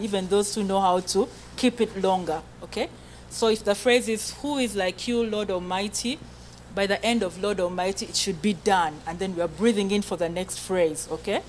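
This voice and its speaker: A woman's voice: medium pitch, a little hiss or hum, poor audio. Woman coaching a choir's breathing. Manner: coaxing, checks in often with "okay?"; counts aloud and gives short commands. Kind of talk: group breathing and singing lesson.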